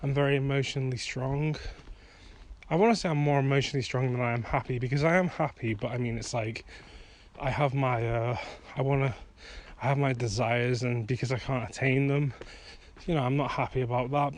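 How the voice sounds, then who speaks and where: A man's voice: mid-range voice, steady tone, fairly quick. A man talking frankly while walking outdoors at night, rambling and swearing freely as he gets heated. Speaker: vlogger and songwriter. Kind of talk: casual rambling monologue.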